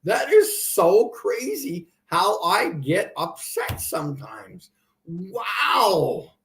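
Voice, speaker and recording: Man, livestream host, slow sarcastic rant, pitch swinging widely. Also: sing-song, creaky. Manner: sarcastic, ranting, exasperated. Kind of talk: ranting live stream commentary.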